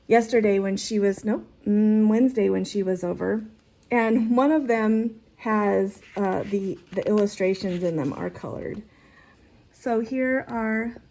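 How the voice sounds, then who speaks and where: A woman showing off items from her collection in a casual, excited chat that trails off and restarts. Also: on the high side. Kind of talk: casual show-and-tell.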